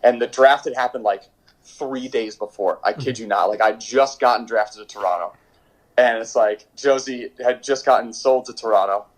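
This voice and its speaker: A low-quality recording carries the mid-range, normal-speed voice of a young professional soccer goalkeeper. As an interview guest at home during quarantine, he tells rambling stories, often restarting and leaning on fillers.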